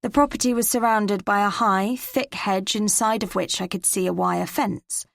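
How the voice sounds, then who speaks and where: A woman with an English accent, narrating a cozy mystery in first person with measured, crisp delivery. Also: medium pitch, fairly even intonation, no room sound, clean studio sound. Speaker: audiobook narrator.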